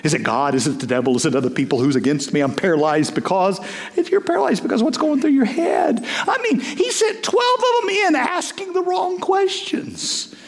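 Man, pastor, sermon, high voice, storytelling with voiced asides, long hall reverb. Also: expressive, normal speed.

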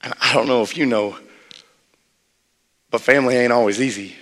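A male pastor delivering a sermon in an easy, conversational manner, with a voice of middling pitch. He tells stories from the pulpit and then swells into emphatic, rising passages. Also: moderate pace, fairly bright tone. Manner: conversational, storytelling, builds to emphatic rises.

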